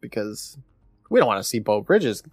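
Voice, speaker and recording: A man's voice: on the low side, normal speed, husky, no room sound, clean studio sound. Wry man recapping from his notes. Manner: wry, deadpan retelling with frequent laughs. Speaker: podcast co-host recapping an episode. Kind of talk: casual chat, recapping from notes.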